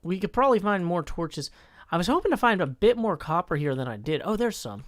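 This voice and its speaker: Male streamer, high-pitched, chatty, self-mocking, reads chat aloud. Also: sing-song, a little fast, dry recording. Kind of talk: live game-stream chat.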